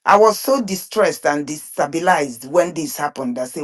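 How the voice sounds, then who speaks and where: A woman with a voice pitched a little low speaks to an online group. She is earnest and emphatic, but her phrases halt and restart as she repeats words mid-thought. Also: animated, moderate pace. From Nigeria (Biafran region). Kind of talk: impassioned spoken commentary.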